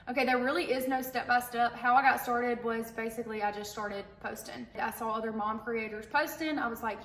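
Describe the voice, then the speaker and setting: A woman's voice: on the high side, fairly even intonation, fairly bright tone, roomy sound. A young woman, a content creator and stay-at-home mom, answering viewer questions in a chatty, candid way to camera. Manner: chatty, candid, quick-talking. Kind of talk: casual Q and A talk to camera.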